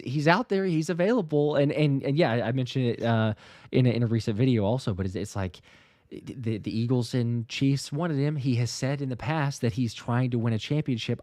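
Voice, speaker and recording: A male host chatting on a casual live stream, with a halting delivery full of repeated words and restarts. His voice sits in a middle pitch. The recording is dry and close. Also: a little mellow, no room sound. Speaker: show host. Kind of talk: casual livestream chat.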